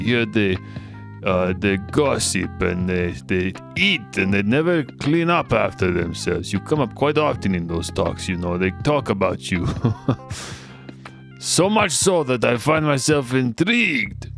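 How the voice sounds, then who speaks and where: A man's voice: medium pitch, expressive, measured pace, gravelly, a bit bright, soft background music. A man voicing a grandiose male home economics teacher with a put-on Russian-style accent and broken grammar, reading game dialogue.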